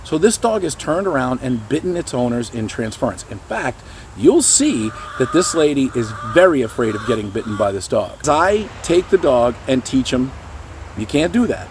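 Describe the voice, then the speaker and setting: A middle-aged man explains dog training to the camera in a loose, animated way. His pitch swings widely as he talks, and light traffic noise sits behind him outdoors. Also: normal speed. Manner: animated, does high goofy voices for dogs and people. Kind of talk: casual explanatory talk to camera.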